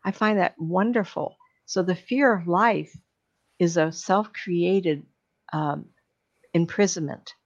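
An older woman with a gravelly, creaky voice talks earnestly and rambles along, stopping often for an um before she finds her point. The recording sounds dull and lo-fi. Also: fairly low pitch, takes it slowly. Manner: earnest, rambling storyteller with frequent ums and restarts. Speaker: psychic medium. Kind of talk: casual reflective monologue.

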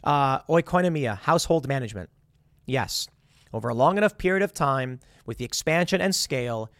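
A man's voice: mid-range voice, lively intonation, a little fast, fairly bright tone, no echo, clean studio sound. A man delivering an opinionated political monologue, acting out quoted voices with sarcasm and stumbling restarts. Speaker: political commentator.

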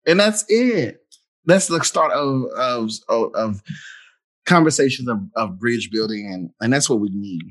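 A man hosting a casual chat, playful and teasing, breaking into loud laughter often. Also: medium pitch, lively intonation, measured pace.

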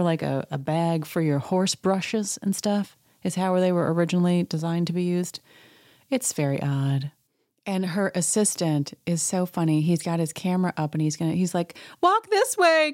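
A woman hosting a casual, chatty reality TV recap, sarcastic and acting out quoted lines in high voices. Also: darkish tone, dry recording, clean studio sound. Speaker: podcast host.

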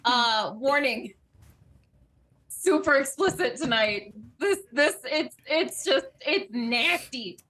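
A woman's voice: sits high, slow. A woman co-hosting a comedic podcast, reading fan fiction aloud in a playful, giggly way. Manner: giggly, playful, reads lines in a deadpan narrator tone.

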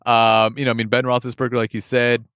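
A man with a middle-pitched voice chats about a game in a loose, hedging way, restarting sentences and leaning on filler phrases. He sounds close to the mic in a dry space. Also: flat delivery, fast, a bit bright, clean tone, dry recording. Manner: hedging, many "I mean" and restarts, laughs easily. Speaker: sports podcast co-host. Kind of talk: casual sports chat.

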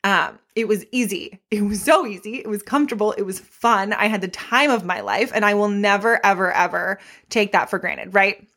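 A woman's voice: medium pitch, normal speed, few pauses. Chatty, candid young woman podcaster. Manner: chatty and candid, swearing freely, animated asides. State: pregnant. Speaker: podcast host and fitness instructor. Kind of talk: casual solo podcast monologue. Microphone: podcast microphone.

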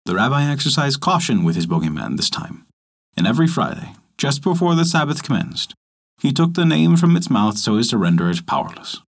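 Husky guy reading a folktale out loud, super lively up-and-down voice, calm storyteller pace. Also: medium pitch. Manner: measured, expressive storytelling. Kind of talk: scripted storybook narration.

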